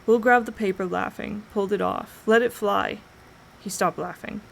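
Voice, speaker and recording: A woman streamer reading a novel aloud in slow, deliberate dramatic narration. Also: mid-range voice, vocal fry, low-quality recording. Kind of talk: audiobook narration.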